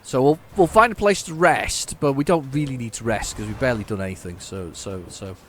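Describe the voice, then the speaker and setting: Man, game channel host, casual commentary, playful, mid pitch. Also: fairly quick, a bit bright, slight background noise. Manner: playful, narrates his driving aloud.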